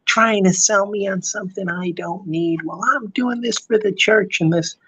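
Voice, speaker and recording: A man voicing an entitled, complaining woman customer in a shrill, drawn-out whine. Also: bright, forceful tone, husky, heavily acted. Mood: accusing.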